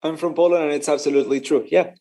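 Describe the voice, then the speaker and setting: A man's voice: fairly high pitch, gravelly, a little mellow, breathy edge. A man casually commenting on a live race for his stream, chatty and joking, laughing often and stumbling over his words.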